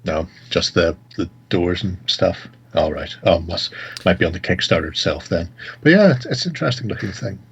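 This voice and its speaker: A man's voice: deep voice, lively intonation, brisk, vocal fry, breathy edge, dull audio. A man co-hosting a casual hobby video chat, enthusiastic and joking. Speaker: co-host.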